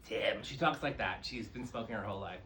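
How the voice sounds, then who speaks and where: A man doing a stand-up comedy set on a club stage, telling campy, profane stories with big swings in pitch and energy. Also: fast talker, crowd noise, low-quality recording. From New York. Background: audience laughter.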